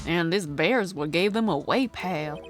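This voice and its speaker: Laid-back male cop, played by a woman with a slow stoner drawl, a bit low. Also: soft background music, lightly acted. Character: laid-back gruff male police detective.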